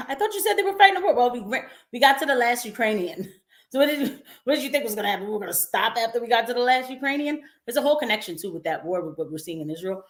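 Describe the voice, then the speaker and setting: A young woman hosting a casual live-stream of news commentary, emphatic and quick to laugh, now and then acting out the voices of the people she quotes. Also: on the high side, very animated.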